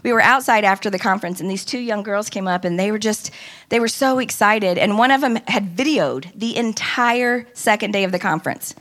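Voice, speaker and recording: A woman casually telling a lively story about a conference trip, often quoting people in animated voices. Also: mid-range voice, brisk. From United States. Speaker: speaker recounting a women's conference trip.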